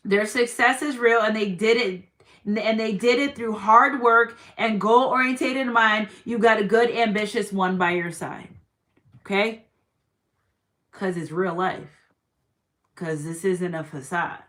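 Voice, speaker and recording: A woman's voice: medium pitch, steady tone, measured pace, fairly bright tone. A woman doing a tarot reading for her viewers, encouraging them with repeated affirmations and quoting scripture. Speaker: tarot reader. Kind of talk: spiritual reading monologue.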